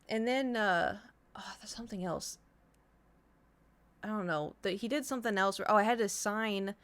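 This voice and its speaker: A woman streamer chatting casually to her viewers, telling a long rambling story full of fillers and acted-out quotes. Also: medium pitch. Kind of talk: casual chat.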